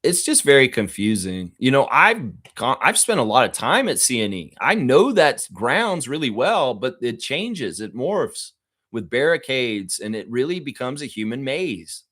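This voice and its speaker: A man's voice: medium pitch, very animated, unhurried, a bit bright. Profane ranting man. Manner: reads viewer comments aloud. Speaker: live stream host. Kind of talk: ranting reaction stream.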